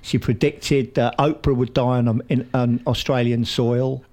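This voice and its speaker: A man's voice: medium pitch, flat delivery, measured pace, darkish tone. A New man co-hosting a podcast, telling stories in casual banter and laughing often. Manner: chatty storyteller, laughs often. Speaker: podcast co-host.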